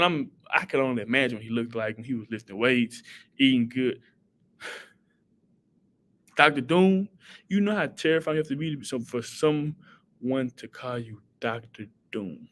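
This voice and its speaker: Man, live stream host, casual chat, animated, mid pitch. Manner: animated, reads viewer comments and gives shout-outs.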